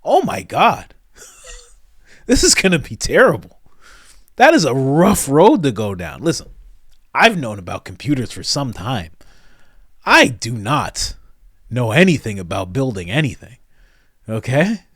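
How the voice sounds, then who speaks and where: A man doing comedic reaction commentary, animated and mock-incredulous, often breaking into laughter. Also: mid-range voice, unhurried, pauses often, breathy edge, dry recording, clean studio sound. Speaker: commentary host.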